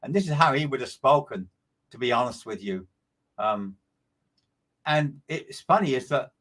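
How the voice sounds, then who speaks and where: A man's voice: mid-range voice, lively intonation, normal speed, long pauses, fairly bright tone. A man working as a medium, giving a live streamed reading in a repetitive, emphatic way and greeting listeners by name.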